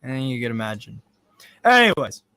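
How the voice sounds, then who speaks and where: A man's voice: fairly high pitch, unhurried, bright, forceful tone, dry recording. A young man hosting a live football watchalong, chatting casually and rambling with frequent swearing. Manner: rambling, swears freely, reads out chat. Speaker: football fan livestream host.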